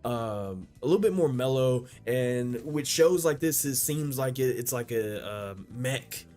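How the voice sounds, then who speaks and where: A man hosting an anime reaction video, talking casually and excitedly, swearing and restarting his sentences often, with faint music behind him. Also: medium pitch, a little slow. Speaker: anime reaction channel host.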